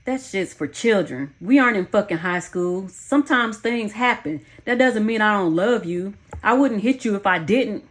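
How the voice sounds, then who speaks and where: A woman's voice: lowish voice, normal speed, natural voice. A woman reading the lines of a volatile, manipulative ex-boyfriend in an audiobook, defensive and swearing. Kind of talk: audiobook character voicing.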